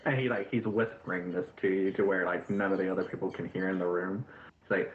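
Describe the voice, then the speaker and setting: A man's voice: low-pitched, fairly even intonation, fast talker, echoey room, phone-quality sound, a little hiss or hum. A man narrating a tabletop game as game master in a loose, chatty way, full of fillers. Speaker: dungeon master. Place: home voice chat.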